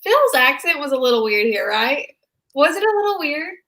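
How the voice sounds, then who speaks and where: Young woman co-host, bright and excitable, casual recap chat. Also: high voice, moderate pace, low-quality recording. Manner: excitable, animated, chatty. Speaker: podcast co-host.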